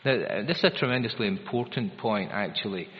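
A man's voice: fairly low pitch, expressive, a little fast. A man delivers a sermon, hammering home his points by saying them again and again. His voice rings through a large hall with a long echo. The recording is dull and muffled. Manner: emphatic, repeats key phrases for stress. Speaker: preacher.

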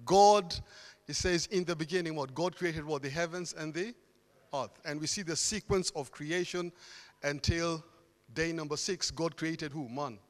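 A man's voice: on the high side, measured pace. Man preaching in a reverberant hall. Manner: earnest, building emphasis with repeated phrases. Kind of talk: sermon. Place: church hall.

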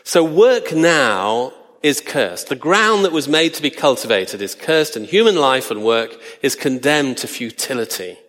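A man's voice: medium pitch, expressive, a little slow, a bit bright. Man preaching in a reverberant hall. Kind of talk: sermon.

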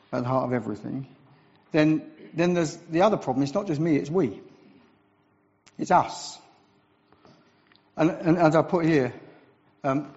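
A man from England, a visiting preacher, giving a sermon with animated storytelling and self-deprecating asides. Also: a little high. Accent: English. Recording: dull recording with long church reverb.

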